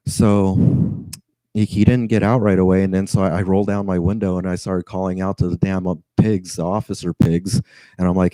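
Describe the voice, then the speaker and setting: A man on edge vents a long grievance, sighing, stammering and swearing. His voice sits low and very dark. The sound is close and dry. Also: flat delivery, fairly quick, no echo, poor audio. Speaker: rideshare driver. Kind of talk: venting story to camera.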